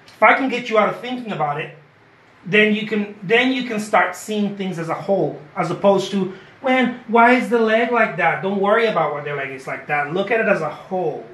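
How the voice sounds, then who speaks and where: Guy with a highish voice chatting thru a painting demo, keeps saying okay, echoey studio. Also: fairly quick, a bit bright. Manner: chatty, encouraging, repeats phrases, says "okay?" often. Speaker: painter giving a live demo. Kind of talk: live painting lesson. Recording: roomy echo.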